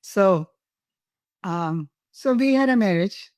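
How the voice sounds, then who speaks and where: A woman's voice: mid-range voice, expressive, slow pace, no echo. An older woman from India, a guest telling personal stories in an interview, laughing and emotional at times. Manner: warm, laughing, emotional storytelling.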